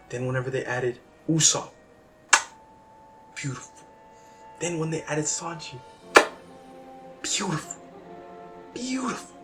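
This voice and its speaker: A young man talking in a casual, rambling monologue that is self-deprecating and jumps from quiet musing to loud outbursts. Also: mid-range voice, distant mic. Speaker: vlogger. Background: background music.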